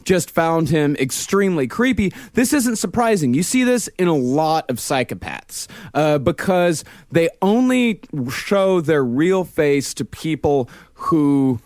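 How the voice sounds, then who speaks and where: A man's voice: on the high side, a little slow, few pauses, no echo, studio quality. A man hosting a comedic true-crime podcast, narrating the story with occasional filler words. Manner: steady storyteller with filler uhs. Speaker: podcast host narrating the case.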